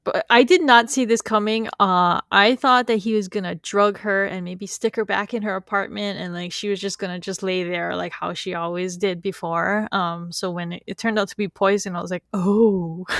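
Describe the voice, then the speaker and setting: A woman's voice: mid-range voice, normal speed, fairly bright tone, no echo, clean studio sound. A middle-aged woman co-hosting a podcast, chatting casually and laughing often as she recaps a show. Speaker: podcast co-host. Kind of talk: casual chat.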